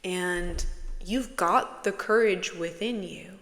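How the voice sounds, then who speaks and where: A woman speaks as a spiritual channeler in a casual message to her viewers. Her voice sits fairly low and she talks slowly and unhurriedly, playful and soothing by turns. A long reverb trails behind her words. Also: fairly bright tone. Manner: playful and soothing, with laughs and sudden exclaims.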